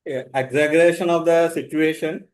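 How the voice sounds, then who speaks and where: A man, a club member, giving a hesitant answer to the presenter's question, with frequent pauses. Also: on the high side, fairly even intonation, rough recording. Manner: hesitant, with fillers and restarts.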